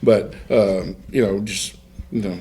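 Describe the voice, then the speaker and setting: In a podcast interview, a duck hunter with a low voice and a dark tone rambles through his hunting stories at a measured pace, his intonation fairly even. He keeps interrupting himself and laughs along with his own tales.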